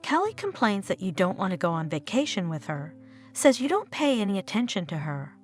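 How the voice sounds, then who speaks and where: A woman's voice: mid-range voice, big pitch swings, fairly quick, soft background music, natural voice. A woman reading the part of a pushy, meddling older mother who nags her son. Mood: reproachful. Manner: insistent, nagging.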